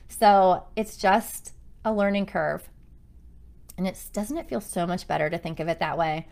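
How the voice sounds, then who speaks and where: A woman's voice: medium pitch, normal speed. A woman in her thirties, a running coach, chatting to her group in an upbeat, encouraging way and acting out what people say. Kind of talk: casual chat to a running group.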